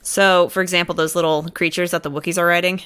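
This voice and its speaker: A woman co-hosting a podcast, talking casually and chattily with plenty of fillers. Her voice sits a bit lower than most women's. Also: level tone, fast, a bit bright, clear, resonant tone. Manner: chatty, uses many fillers. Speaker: podcast co-host. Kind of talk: casual chat.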